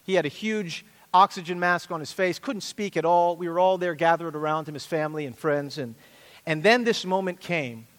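In a church sanctuary with long hall reverb, a middle-aged male pastor delivers an earnest, emphatic sermon full of repeated phrases. His voice sits on the high side, a bit bright, at normal speed.

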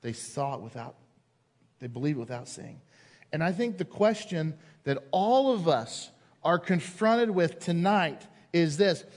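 A man's voice: fairly high pitch, expressive, unhurried, darkish tone. A male pastor preaching a sermon, telling a personal story and acting out the voices of the people in it before turning to scripture. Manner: storytelling, acts out quoted voices, builds to emphasis. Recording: long hall reverb.

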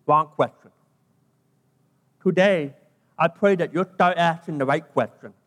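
A British pastor with a high-pitched voice preaches emphatically, repeating his key phrases and stretching words to drive them home. His voice rings with a long reverb through a large hall. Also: measured pace. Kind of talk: sermon.

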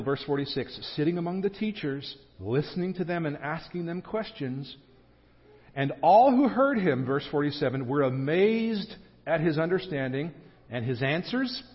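Male pastor, fairly high voice, chatty sermon delivery with joking asides; dull lo-fi church recording. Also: expressive. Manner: conversational, with joking asides and quick restarts. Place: church sanctuary. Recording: dull lo-fi sound with a long hall reverb.

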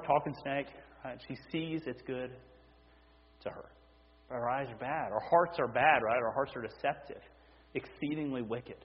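A male pastor delivers an animated, conversational sermon at a middle pitch, repeatedly checking in with his listeners. The recording is dull and lo-fi. His voice carries a long reverb through a church sanctuary. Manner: animated, with frequent "right?" check-ins.

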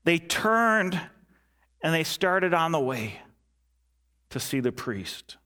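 A male pastor preaching a sermon earnestly, repeating key lines and dropping his voice soft and low for emphasis. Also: very animated, takes it slowly.

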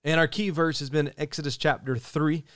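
Earnest male pastor with a smooth voice. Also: a little high, fairly even intonation, moderate pace, fairly bright tone, no echo, clean studio sound. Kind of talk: sermon.

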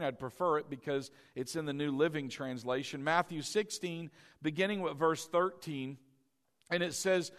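A man's voice: on the high side, a bit bright. A man preaching a sermon, often asking "all right?" and having the congregation repeat key words after him. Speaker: pastor.

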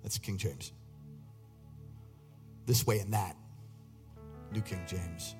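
A male pastor preaching a sermon, exhorting the congregation and rising to loud, urgent peaks. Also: low-pitched, steady tone, slow pace. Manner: exhorting, repeats lines, rises to near-shouted peaks. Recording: long hall reverb, faint music behind.

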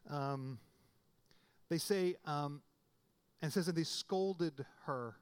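A man's voice: a little high, takes it slowly, smooth. A man preaching a sermon in a conversational way, often restarting phrases and rising suddenly for emphasis. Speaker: pastor.

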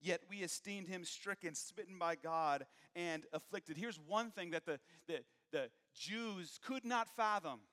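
A man preaching a sermon, moving from hushed, low passages to raised, emphatic ones. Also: unhurried, hardly any pauses, big-room sound.

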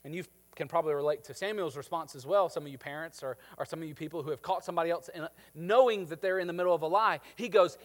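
Male pastor, sermon, lively storytelling, high voice, long hall reverb. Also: fast talker, few pauses. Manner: animated, jokey, acts out biblical characters.

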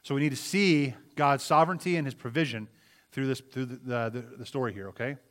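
A man's voice: mid-range voice, fairly quick. A man preaching a sermon in a conversational way, often repeating words and asking his listeners questions.

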